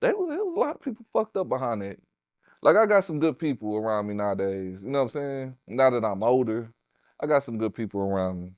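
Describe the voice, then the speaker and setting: Man, middle-aged, slangy and animated, dry, dull lo-fi sound. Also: mid-range voice, fast, dry recording. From Houston, Texas. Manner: profane, animated, street slang. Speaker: guest, tattoo artist. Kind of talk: casual storytelling interview.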